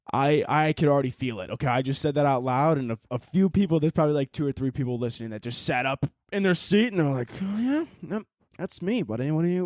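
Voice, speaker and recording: A man's voice: medium pitch, a little mellow, no room sound, studio quality. A man hosting a solo podcast, rambling and joking with frequent swearing. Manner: rambling, profane, jokey. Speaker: podcast host.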